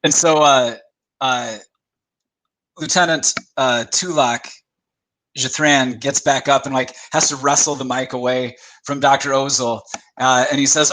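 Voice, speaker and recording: Bright-voiced male game master. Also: medium pitch, steady tone, slight background noise, rough recording. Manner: quick narration full of "like" and "uh". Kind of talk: narrating a tabletop game.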